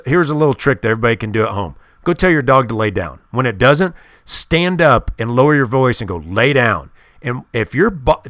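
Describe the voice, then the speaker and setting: A man's voice: medium pitch, a bit bright, no room sound, clean studio sound. A man hosting a podcast, talking in an emphatic and insistent way as he gives advice on dog training. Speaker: podcast host. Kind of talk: casual monologue.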